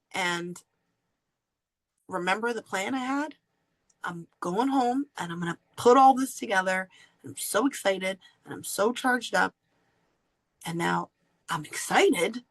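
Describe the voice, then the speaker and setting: A woman hosting a podcast, candidly telling a personal story in an animated way and laughing often. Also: medium pitch, poor audio. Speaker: podcast host.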